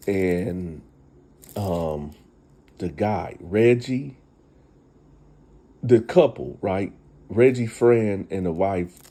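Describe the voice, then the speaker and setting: With a low-pitched, mellow voice carrying a breathy edge, this male storyteller host retells a story casually. He keeps things chatty and addresses the audience head-on.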